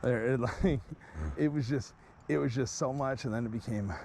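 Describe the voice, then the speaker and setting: A man's voice: medium pitch, normal speed, creaky, darkish tone, slight background noise. A man in casual chat, rambling through a story, acting out what others said and laughing often. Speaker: guest storyteller.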